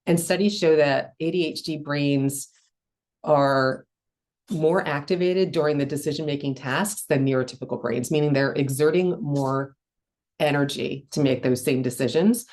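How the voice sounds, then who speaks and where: A middle-aged woman with a low, slightly mellow voice hosts a solo podcast, explaining ideas conversationally. She restarts sentences and says "um" while chewing a cough drop.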